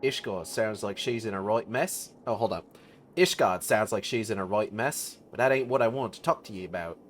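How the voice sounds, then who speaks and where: A man voicing a gruff veteran male mercenary officer, talking bluntly with rough slang. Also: lowish voice, normal speed, a little hiss or hum, lightly acted.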